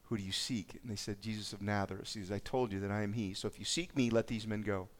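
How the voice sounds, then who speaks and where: A man's voice: on the low side, steady tone, fast talker. A man preaching a sermon, reading scripture aloud and reflecting on it in a conversational way. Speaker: pastor.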